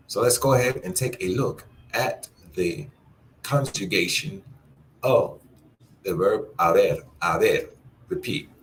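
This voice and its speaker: A man teaching a Spanish class, explaining grammar and repeating words slowly for learners to echo. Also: low voice, slight background noise.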